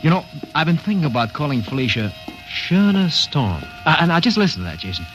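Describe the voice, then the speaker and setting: A pushy Hollywood press agent. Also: male voice, a little high, very animated, a little fast, dull audio, music in the background. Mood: pushy, excited. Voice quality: salesy, wheedling, laughing. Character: fast-talking Hollywood publicity man, pushy and excitable. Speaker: publicity man. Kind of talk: 1940s radio acting.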